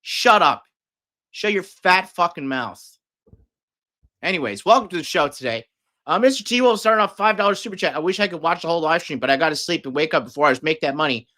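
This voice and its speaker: A man's voice: a little high, expressive, very fast, bright, forceful tone. A man hosting a livestream, talking casually and aggressively, swearing often and berating his viewers. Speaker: livestream host. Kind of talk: profane livestream rant.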